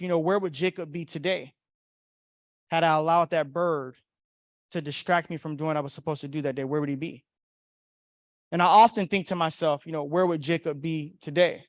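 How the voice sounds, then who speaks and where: A man giving a motivational keynote at a conference, telling a personal story with acted-out voices and big swings between loud and soft. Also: a little high, dry recording. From Florida. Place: conference hall.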